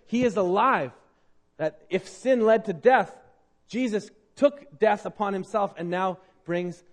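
A man preaching a sermon, moving between loud emphatic declarations and quiet earnest appeals to the congregation. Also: sits high. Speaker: pastor.

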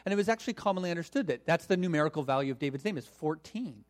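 A man preaching a sermon to a congregation, teaching in a conversational, animated way with casual asides. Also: on the high side, rapid-fire. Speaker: pastor.

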